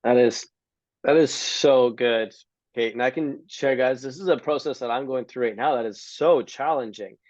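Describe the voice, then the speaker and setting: A man's voice: mid-range voice, moderate pace, a little mellow, dry recording, lo-fi sound. A man hosting a community video call, talking casually and earnestly, with some rambling restarts. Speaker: host of a giving community call. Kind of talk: casual chat.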